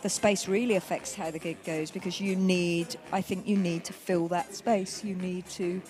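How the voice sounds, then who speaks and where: A woman, a comedian, talking about performing in an interview, thoughtful and measured. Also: lowish voice, fairly even intonation. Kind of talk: casual interview. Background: music.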